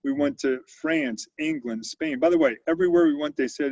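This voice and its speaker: A man in his sixties, head of a company, narrates stories in an interview setting, stumbling into many fillers and restarts. He talks fairly quickly in a slightly high, darkish voice, with no echo on a dull, lo-fi recording.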